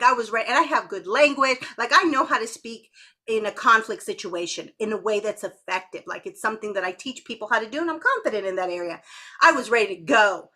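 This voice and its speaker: Woman, podcast co-host, bright voice, slightly high, candid, laughs a lot. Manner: candid, laughs often, swears freely. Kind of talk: casual chat.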